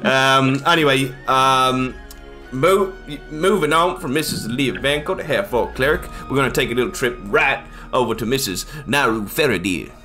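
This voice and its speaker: Guy hosting the game stream, jokey, swears a lot, bright voice. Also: mid-range voice, moderate pace, faint music behind. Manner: joking, swears freely. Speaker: game master and stream host. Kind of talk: casual streaming chat.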